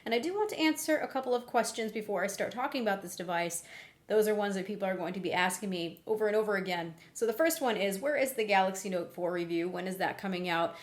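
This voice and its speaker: A young woman reviews a phone straight to camera in a chatty, candid way. Her voice is still a little worn as she gets over laryngitis. She sits at a middling pitch and talks like she's chatting with regular viewers. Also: fast. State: recovering from laryngitis. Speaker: tech reviewer. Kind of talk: casual product review.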